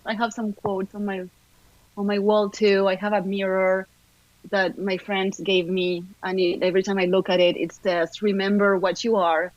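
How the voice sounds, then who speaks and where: Argentine-accented actress, upbeat and talkative guest, dry, muffled lo-fi sound. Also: female voice, medium pitch, flat delivery, normal speed, a little mellow, no echo. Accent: Argentine Spanish. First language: Spanish. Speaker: actor, podcast guest. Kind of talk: casual interview chat.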